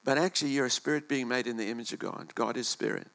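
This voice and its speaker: A male pastor preaching a sermon in a church, impassioned, swinging between loud and hushed delivery and repeating words as he goes. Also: medium pitch, fast, gravelly.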